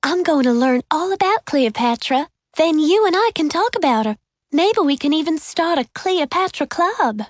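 A woman voicing an eager, friendly young schoolgirl with a soft Southern US accent in a storybook reading. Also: high voice, lively intonation, normal speed, no echo, studio quality, pitched above the performer's own voice. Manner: soft, hopeful.

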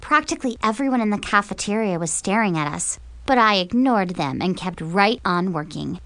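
A woman's voice: mid-range voice, expressive, moderate pace, fairly bright tone, no echo. A woman narrating a teen diary audiobook in the first person, sarcastic and dramatic.

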